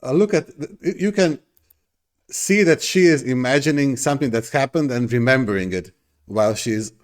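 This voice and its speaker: A man's voice: mid-range voice, moderate pace. A middle-aged man hosting a reaction video, talking casually in an effusive, rambling way with many restarts.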